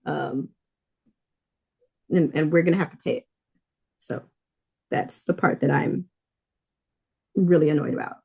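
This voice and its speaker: A woman's voice: deep voice, measured pace, creaky, long pauses, a little mellow, slightly rough. A woman co-hosting a podcast in casual chat, talking loosely with many fillers. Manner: chatty, many fillers, retells scenes with quoted voices. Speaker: podcast co-host.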